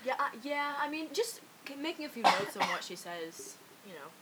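A woman cohosting a casual podcast chat, relaxed and agreeable, laughing often. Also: high-pitched, normal speed. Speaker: podcast co-host. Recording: faint hiss.

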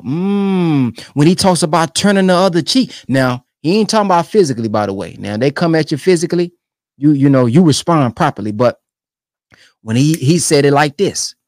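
A man giving casual commentary on speech clips, animated and colloquial, repeating phrases for emphasis. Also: fairly high pitch, no echo, studio quality.

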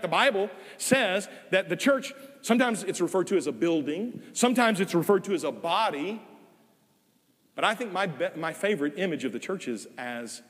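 An older man preaches a sermon in a church sanctuary, his pitch rising and falling in lively swings. He presses hard on key words, then drops to soft, drawn-out phrases. His voice is on the higher side and trails off in a long hall reverb. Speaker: guest preacher.

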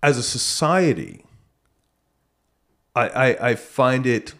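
A man of middle pitch talking through a point in a casual podcast debate. He sounds earnest and keeps restarting his sentences as he thinks aloud. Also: very animated, slow, a bit bright. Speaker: podcast co-host.

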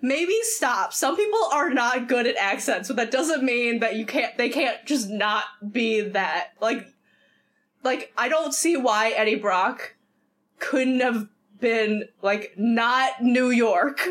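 A woman's voice: on the high side, expressive, slow pace, fairly bright tone. A woman co-hosting a casual chat, opinionated and laughing often. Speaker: podcast co-host.

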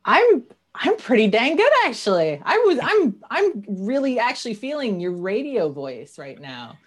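A woman's voice: a little high, big pitch swings, unhurried, breathy edge. A woman in her thirties, a guest on a podcast, chatting animatedly and laughing often, with frequent restarts. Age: 30s. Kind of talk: casual chat.

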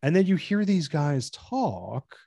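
An American man talking excitedly in a casual podcast chat, rambling and swearing. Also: a little high, slow, creaky, dry recording. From United States.

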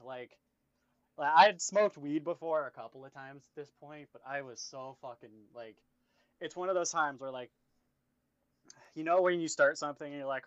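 A man's voice: a little high, a bit bright, no echo. A man in casual chat, loose and swearing with many fillers. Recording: dull lo-fi dry mic.

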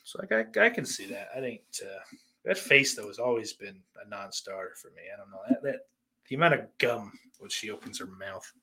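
A man's voice: on the low side, animated, fairly quick, bright, forceful tone, slightly rough. A man hosting a podcast, reading out listener questions in a rambling, profane and sardonic way. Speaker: podcast host.

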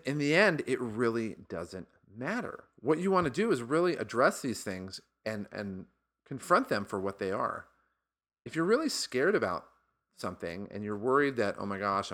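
A man with a fairly low voice coaches listeners in a motivational solo podcast. His pitch swings widely as he speaks, and his tone is bright and forceful. He sounds earnest and encouraging throughout. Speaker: sales podcast host.

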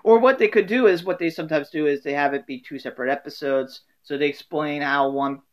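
A man muses aloud in a casual solo talk, rambling and full of fillers and restarts. His voice sits a touch high for a man. He records from home. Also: a little fast, muffled recording.

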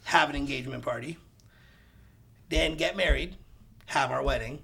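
A man, a realtor guest on a podcast, telling a story in a casual, animated way, acting out the dialogue and getting loud at the punchlines. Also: medium pitch, moderate pace, gravelly, breathy edge.

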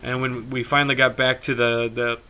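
Bright-voiced young man telling a story. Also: medium pitch, brisk. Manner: animated, swears a lot, laughs while telling. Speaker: podcast co-host. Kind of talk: casual storytelling.

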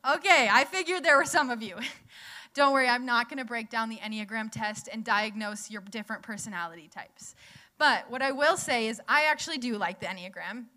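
Bright-voiced woman giving a chatty sermon. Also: fairly high pitch, brisk. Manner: chatty, laughs often, asks the audience questions. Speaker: speaker at a church gathering. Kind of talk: casual sermon.

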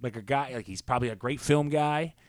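A man in a casual sports podcast chat, voicing strong opinions in a rambling way. His voice sits in an ordinary middle pitch. The sound is close and dry, with no room around it. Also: no echo. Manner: opinionated, rambling, quick asides. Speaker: podcast co-host.

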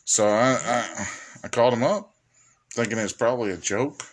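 A podcast host telling a silly story in a casual, profane way, laughing often. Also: male voice, mid-range voice, normal speed. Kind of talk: comic storytelling.

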